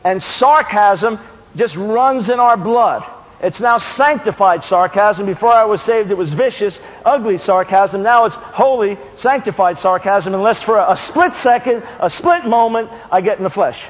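A preacher from New York delivering an impassioned sermon that builds to shouted questions. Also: male voice, sits high, expressive, moderate pace. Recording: long hall reverb.

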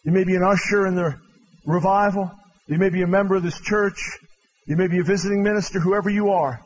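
Male revival preacher with a high voice, pleading and proclaiming in turn; dull live church recording. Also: fairly even intonation, fairly quick, slight background noise. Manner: impassioned, swinging from loud proclaiming to hushed pleading. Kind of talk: revival altar-call sermon. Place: large church with balcony.

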